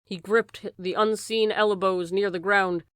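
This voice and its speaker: A woman narrating a classic science fiction novel as an audiobook, reading dramatically and raising her voice for shouted lines. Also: medium pitch, fairly even intonation, unhurried, clean tone, no echo, clean studio sound. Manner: raises voice sharply for shouted lines.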